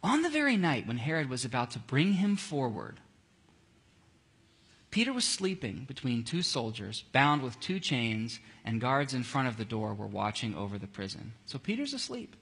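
A man leading a casual Bible study, animated and jokey, acting out scenes as he reads. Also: mid-range voice, moderate pace, slightly rough.

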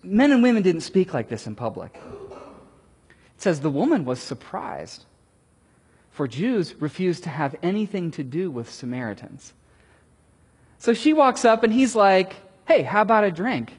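A man preaching with a lively, storytelling delivery, his pitch leaping around as he talks. His voice is husky and a bit raised. A long hall reverb hangs behind everything he says. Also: measured pace, long pauses. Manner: lively, conversational, animated storytelling. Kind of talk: sermon.

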